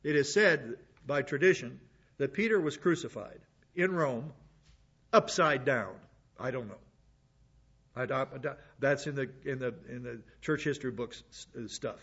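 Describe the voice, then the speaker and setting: A man's voice: medium pitch, measured pace, a bit bright, slightly rough. Man preaching in a lo-fi recording. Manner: conversational Bible teaching with asides. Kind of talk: sermon.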